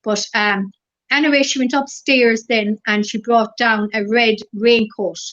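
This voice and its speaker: A middle-aged woman with an Irish accent, a guest in a casual interview, telling stories gently and rambling through lots of fillers. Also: fairly high pitch, steady tone, a little slow. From Ireland. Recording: dull lo-fi recording.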